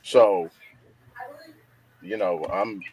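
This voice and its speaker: A man on a panel in casual chat, speaking in halting, relaxed slang. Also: deep voice, poor audio.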